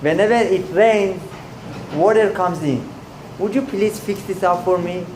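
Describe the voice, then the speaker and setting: Humble poor tailor, earnest asks, played by a male preacher, slightly high, echoey room. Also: unhurried, a little mellow, a little hiss or hum. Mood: pleading.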